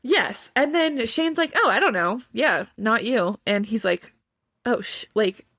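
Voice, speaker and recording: A woman co-hosts a podcast in casual chat, her pitch leaping up and down. She is emphatic and quick to agree, acting out the characters' lines in quotes. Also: sing-song, fairly bright tone. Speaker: podcast co-host. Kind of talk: casual chat recapping a TV episode.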